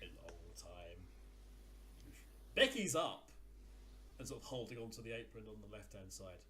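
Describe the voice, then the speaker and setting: A man's voice: on the low side, very animated, moderate pace, sharp tone, a little hiss or hum. A man co-hosting a casual podcast, recapping a wrestling event step by step with frequent fillers. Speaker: podcast co-host.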